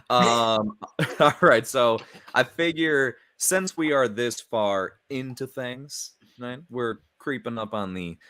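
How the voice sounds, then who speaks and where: A man's voice: medium pitch, fairly bright tone. A man co-hosting a casual livestream chat over a video call, joking around and laughing often. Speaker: livestream co-host.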